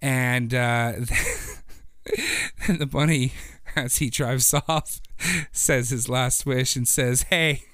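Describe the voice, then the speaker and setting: A man's voice: mid-range voice, very slow, fairly bright tone, no echo, studio quality. A man hosting a podcast, chatting casually and telling a long, playful joke. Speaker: podcast host.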